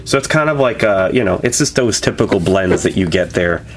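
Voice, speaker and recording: A man's voice: low-pitched, expressive, a little fast, slight background noise. A man casually reviewing an energy drink flavor, rambling with many fillers and self-corrections. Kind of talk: casual product review vlog.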